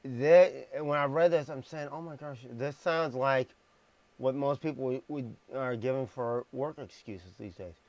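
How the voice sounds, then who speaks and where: A man with a medium-pitched, darkish voice reads scripture at a measured pace during a live-streamed Bible message, and the audio sounds dull. Using a streaming microphone, he emphasizes words and drops sarcastic, blunt asides.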